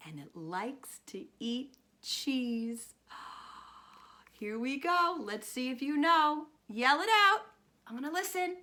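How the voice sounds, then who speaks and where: Woman speech teacher, high lively voice, slow and expressive, coaxing young kids to guess. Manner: animated and expressive, with gasps and drawn-out words; coaxing and encouraging, asking children questions. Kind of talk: reading a guessing picture book to young children.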